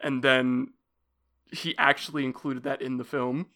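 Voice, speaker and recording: A man's voice: mid-range voice, level tone, measured pace, bright, forceful tone. A man hosting a casual chat, rambling and chatty with frequent fillers.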